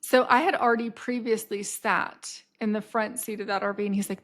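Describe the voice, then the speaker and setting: A woman telling a personal story as a podcast guest, in a casual, animated way, swearing freely and acting out what people said. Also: medium pitch, fairly quick, few pauses. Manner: swears freely and acts out quotes in a vivid, animated way.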